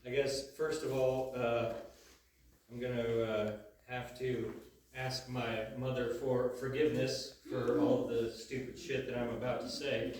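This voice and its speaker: A man in his thirties doing a stand-up comedy set, halting and full of uhs and restarts. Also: medium pitch, little pitch movement, a little mellow, a little hiss or hum. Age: 30s. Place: comedy venue before a live audience. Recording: echoey room, voice from a distance.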